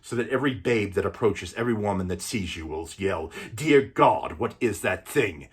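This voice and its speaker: A defiant young hero who is too weak to stand but full of scorn, as a man acts him out alone. The delivery is taunting and husky. His voice sits low. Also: animated, normal speed. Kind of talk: one-man film recital.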